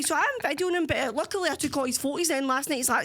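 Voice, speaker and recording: A Scottish woman co-hosting a podcast, telling stories in casual chat, animated and swearing freely. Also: high voice, quick pace, dry recording. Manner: animated storytelling, swears freely, imitates others. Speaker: podcast co-host.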